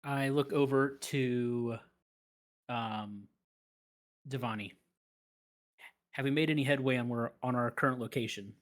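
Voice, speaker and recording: Player voicing a captain, unhurried delivery. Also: mid-range voice. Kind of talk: tabletop role-play.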